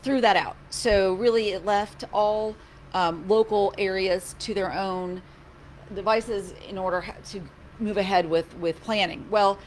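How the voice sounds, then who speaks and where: A woman's voice: medium pitch, unhurried. A woman talks in a loose, chatty way, restarting her sentences and letting a wry, sarcastic edge slip through. She is a county commissioner holding office hours from her office. A faint hum of noise sits under her voice. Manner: chatty, animated, a little sarcastic, frequent restarts. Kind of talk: casual chat.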